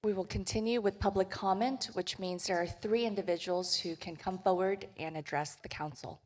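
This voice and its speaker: A woman chairing a city council meeting, making brisk procedural announcements. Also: mid-range voice, steady tone, darkish tone.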